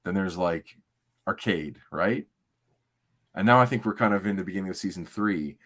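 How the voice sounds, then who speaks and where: A middle-aged podcast co-host talks at a moderate pace in a low-pitched, slightly bright voice. On the livestream, his casual chat wanders in a laid-back manner, heavy on fillers.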